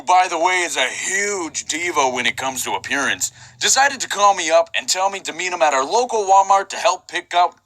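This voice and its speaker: Animated high-voiced young man. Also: no echo, low-quality recording. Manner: animated, self-mocking, bursts into shouting. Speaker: animation vlogger. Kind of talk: comic storytime narration.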